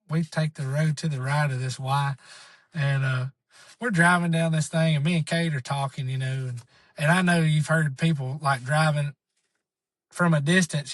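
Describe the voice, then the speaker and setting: A man's voice: on the high side, no room sound. A man telling a long, rambling story on a podcast, acting out the voices of the people in it. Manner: rambling, animated, acts out quoted voices. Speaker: podcast guest. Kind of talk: casual storytelling.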